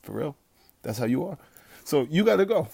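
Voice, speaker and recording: A fitness coach talking bluntly and profanely from home at night, rambling with restarts and turning loud and heated as he rants. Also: on the high side, very animated, normal speed, creaky, husky. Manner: gets loud and heated when ranting. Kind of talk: late-night livestream pep talk.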